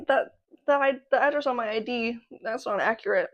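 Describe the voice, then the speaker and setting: Casting: woman, 20, podcast host, excitable and self-mocking, casual storytelling. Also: fairly high pitch, a little fast, dull audio.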